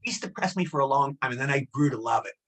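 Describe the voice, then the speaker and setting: A man being interviewed as a guest actor, telling stories in a fast, excitable way and acting out the quotes. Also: mid-range voice, rough recording. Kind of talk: animated storytelling.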